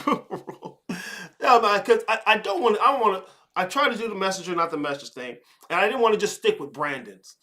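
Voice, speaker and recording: Blunt, swearing man with a high, bright voice. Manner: blunt, swearing, mocking, mimics others in quick asides. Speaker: host of a live spirituality advice show. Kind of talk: profane casual monologue.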